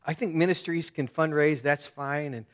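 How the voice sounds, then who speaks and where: A male pastor delivers a sermon in an easygoing, conversational way. He leans on casual asides and slang. His volume rises in bursts and then drops to near quiet. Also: a little high, steady tone, normal speed.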